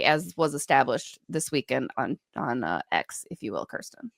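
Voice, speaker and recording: A woman co-hosting a hockey podcast, talking in a chatty, casual way with quick asides. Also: very deep voice, very animated, creaky, dry recording, clean studio sound. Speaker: podcast co-host and hockey writer.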